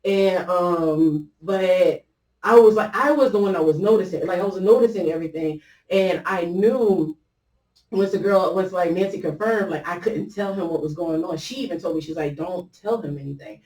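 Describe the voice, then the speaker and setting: A woman's voice: on the low side, normal speed, a little mellow. A woman host telling a personal story in a casual, rambling way, with many fillers and restarts as she quotes what others said. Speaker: podcast host. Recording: roomy echo, mic at a distance.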